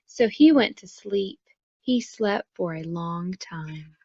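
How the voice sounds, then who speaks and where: A woman preschool teacher reading a storybook aloud to young children, slow and expressive, then asking soft, gentle questions. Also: medium pitch, creaky, no echo, lo-fi sound.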